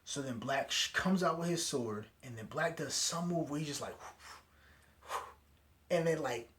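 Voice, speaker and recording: A man at home giving a casual, excited recap of an anime episode, full of slang and "right?" tags. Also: fairly high pitch, unhurried. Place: his home at night.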